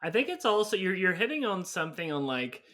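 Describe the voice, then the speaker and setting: A man with a bright, forward tone and a somewhat raised pitch hosts a podcast interview. He asks questions loosely, with plenty of fillers. His delivery is casual and conversational. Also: sing-song, fairly quick. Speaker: podcast host, growth marketing agency owner.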